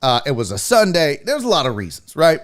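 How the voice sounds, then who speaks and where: A man hosting a sports talk show, telling a story in a casual, profane, animated way and acting out what others said. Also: on the high side, a little fast. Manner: animated, profane, acts out quotes. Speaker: podcast host.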